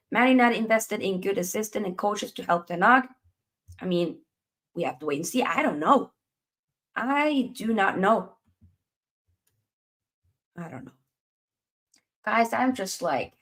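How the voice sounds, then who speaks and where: A woman hosting a live football chat stream, reading viewer comments and reacting in a chatty, animated way. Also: mid-range voice. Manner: animated, chatty, with playful put-on voices.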